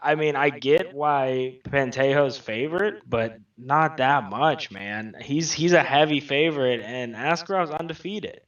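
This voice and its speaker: A man's voice: mid-range voice, unhurried, hardly any pauses, a bit bright. Chill guy on a fight podcast, sounds far off and kinda muffled lo-fi. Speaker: podcast co-host. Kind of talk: casual chat. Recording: distant lo-fi mic.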